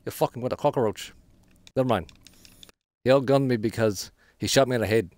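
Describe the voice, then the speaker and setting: A man's voice: medium pitch, fairly quick, a little mellow, dry recording. A man streaming a shooter game, giving frustrated live commentary with trash talk and swearing. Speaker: gaming streamer.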